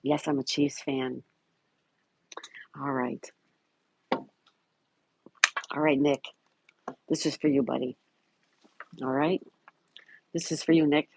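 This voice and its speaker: A man's voice: mid-range voice, flat delivery, takes it slowly, vocal fry, pauses often, fairly bright tone, husky, dry recording, low-quality recording. A man hosting a casual livestream, reading viewer comments aloud and greeting chatters by name. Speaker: livestream host. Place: home in Florida.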